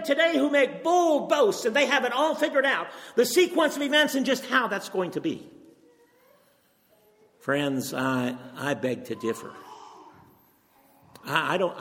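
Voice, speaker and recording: A man's voice: very high-pitched, a bit bright. An older man preaching a sermon, earnest and emphatic, firing off rhetorical questions. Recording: long reverb from a hall.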